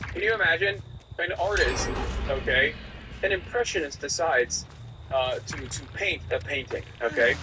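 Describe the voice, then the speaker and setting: A man's voice: a little high, moderate pace, background noise. A man ranting in a casual, argumentative commentary, lecturing his audience as a streamer. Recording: loud music under the voice. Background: loud music.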